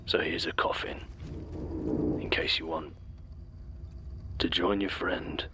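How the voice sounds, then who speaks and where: An actor playing a menacing male deliveryman creature in an audio drama, whispering clipped, flat threats. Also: low voice, slow, background noise. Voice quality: whispery, gravelly.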